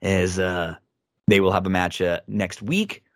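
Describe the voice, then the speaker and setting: A man's voice: low-pitched, level tone, a little slow, no echo, studio quality. A man co-hosting a wrestling review podcast, giving opinionated casual commentary with frequent restarts.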